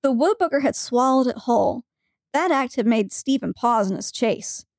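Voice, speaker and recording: A woman's voice: a little high, expressive, normal speed, no room sound, studio quality. A woman co-hosting a podcast, reading a funny story aloud with frequent giggles. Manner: giggly storytelling, breaking into laughter. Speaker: podcast co-host.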